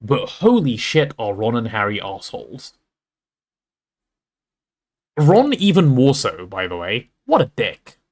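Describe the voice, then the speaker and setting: Brief: male streamer, chatty and animated, swears casually, pitch swinging all over. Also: slow pace, pauses often. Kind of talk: reading a novel aloud and chatting on stream.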